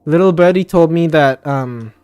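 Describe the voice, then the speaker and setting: A man's voice: fairly high pitch, moderate pace, a little mellow, smooth, no echo, soft background music. A man hosting a casual voice chat, ranting with plenty of swearing and laughter.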